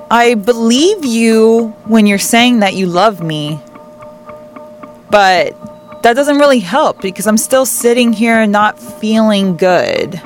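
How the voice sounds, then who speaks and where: A woman hosting a tarot reading show, giving earnest, gentle spiritual advice and repeating words for emphasis. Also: medium pitch. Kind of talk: reflective spiritual advice talk.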